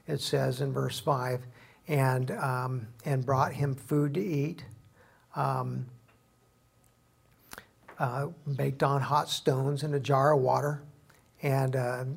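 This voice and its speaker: A man preaching a sermon, a pastor who acts out the scripture he quotes with dramatic shifts in loudness. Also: medium pitch, gravelly, husky. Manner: dramatic, voices quoted figures loudly.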